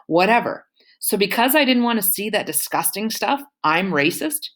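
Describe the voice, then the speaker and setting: A woman's voice: medium pitch, expressive, moderate pace, fairly bright tone, pitched above the performer's own voice. A woman reading aloud, voicing a snide, defensive teenage girl with a whiny, raised voice. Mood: dismissive.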